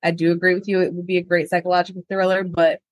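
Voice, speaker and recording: A woman's voice: lowish voice, flat delivery, fast, no echo. A woman in her thirties, a podcast guest, chatting enthusiastically with lots of "like". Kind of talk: casual chat.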